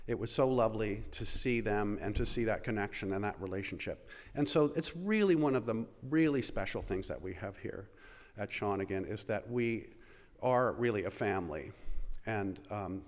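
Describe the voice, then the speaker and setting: A man leading a school chapel service, talking to the congregation in a relaxed, halting way. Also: on the low side. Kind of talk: casual address to a congregation. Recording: reverberant chapel.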